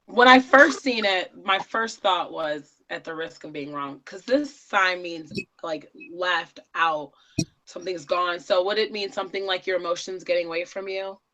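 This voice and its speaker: A woman student with a bright, clear voice offers an answer in class. She hedges carefully and sounds unsure of herself. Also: on the low side, moderate pace, low-quality recording. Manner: tentative, hedging her guesses. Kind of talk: class discussion.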